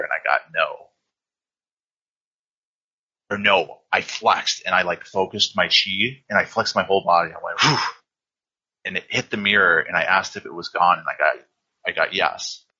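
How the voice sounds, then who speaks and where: Young male podcast host, low gravelly voice, excitable and profane storyteller, dull lo-fi sound. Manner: rambling, profane, excitable, says "dude" often. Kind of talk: casual storytelling. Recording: dull lo-fi recording.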